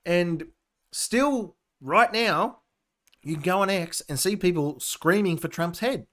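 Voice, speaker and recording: A young Australian man with a high-sitting, fairly bright voice hosts a casual opinion podcast at a slow pace. He reads the news and rants sarcastically, cutting in with his own remarks.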